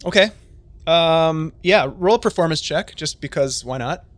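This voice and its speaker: Chatty game master man, fairly high voice. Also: lively intonation, moderate pace, no echo. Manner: chatty, filler-heavy narration. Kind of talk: narrating a tabletop game on a live stream.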